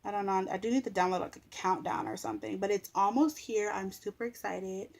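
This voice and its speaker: A woman's voice: medium pitch, steady tone, fairly quick, creaky, darkish tone. A woman vlogger in casual chat to camera, rambling with lots of filler words. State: sleepy.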